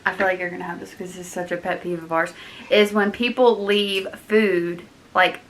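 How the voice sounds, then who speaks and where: A woman's voice: lowish voice, normal speed, a little hiss or hum. A young woman vlogging, chatting casually and acting out other people in quotes. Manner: animated, mimics people in quotes. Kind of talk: casual chat.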